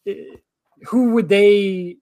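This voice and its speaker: A man on a podcast calmly explaining his reasoning, with some hesitation. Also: high-pitched, slow pace. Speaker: podcast co-host. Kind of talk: casual podcast chat.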